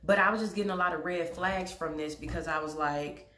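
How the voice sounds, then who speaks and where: A woman's voice: fairly low pitch, fairly even intonation, fairly quick, a bit bright, echoey room, slight background noise. A young woman telling a story to camera in a blunt, exasperated way, swearing freely. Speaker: vlogger.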